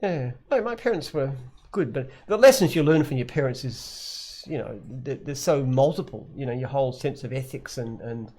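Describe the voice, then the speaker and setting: An Australian man in his usual middle pitch talks in a plain, unpolished way. He wanders through his answers, restarting sentences as he goes, like a founder chatting loosely on a live show. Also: lively intonation, normal speed, hardly any pauses, warm tone. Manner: plainspoken, rambling, frequent restarts. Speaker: company founder and CEO. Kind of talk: casual live Q&A chat.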